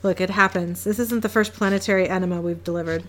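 A woman reading a drama script aloud with narration and casual banter, quick to laugh. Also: lowish voice, steady tone, fairly bright tone.

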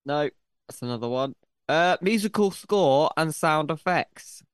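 A man in jokey podcast banter, with a fairly high voice that swings widely in pitch. He swears freely and throws in silly asides. The sound is close and dry, with no room sound. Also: animated, measured pace, dry recording. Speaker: podcast co-host. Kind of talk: casual chat.

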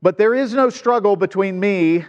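A man's voice: high voice, moderate pace, long reverb tail, dull audio. A man preaching a sermon as pastor, conversational, with asides and rhetorical questions to the congregation.

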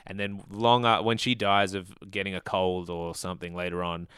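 A man co-hosting a casual movie review podcast, animated and acting out quoted characters. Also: low-pitched, normal speed, clear, resonant tone, no echo, clean studio sound. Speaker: podcast co-host.

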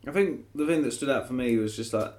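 A man's voice: medium pitch, quick pace, darkish tone. A man in a casual group discussion, asking questions in a quizzical way.

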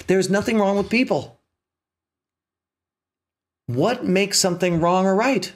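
Husky, lively-voiced male self-help speaker. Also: takes it slowly, long pauses. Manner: animated, rising pitch when emphatic, drops low and soft for punchlines. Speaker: motivational speaker. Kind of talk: spiritual self-help talk with storytelling.

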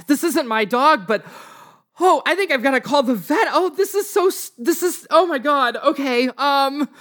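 Man doing a high-pitched, flustered middle-aged woman who yells at kids in a tabletop game. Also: animated, normal speed, full character voice. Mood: panicked. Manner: shrill, flustered, scolding.

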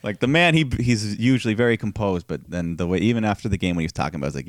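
A man's voice: lowish voice, animated, very fast, hardly any pauses, dry recording, studio quality. A man co-hosting a podcast in a casual chat, laid-back and laughing a lot, chiming in with short agreements and the odd swear word. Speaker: podcast co-host.

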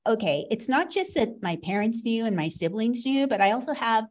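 A woman's voice: on the high side, sing-song, moderate pace. Wry middle-aged woman telling her story. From United States. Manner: sarcastic, wry. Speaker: author and podcast guest. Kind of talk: personal storytelling.

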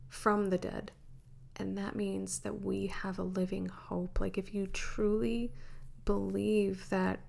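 Woman with a gravelly, earnest voice. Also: medium pitch. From New York. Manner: earnest, preachy testimony. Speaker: podcast co-host. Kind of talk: casual faith chat. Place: sitting on a bench. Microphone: studio microphone.

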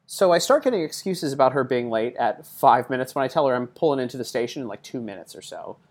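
A man's voice: mid-range voice, lively intonation, fast. A man telling a personal story in a casual, chatty way. He wanders into side remarks as he goes and leans on plenty of everyday fillers. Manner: chatty, digressive asides and frequent fillers.

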